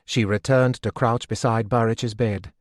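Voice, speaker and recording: A man narrating a fantasy audiobook in a steady, measured storytelling voice on a close studio mic. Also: medium pitch, no room sound. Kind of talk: scripted narration.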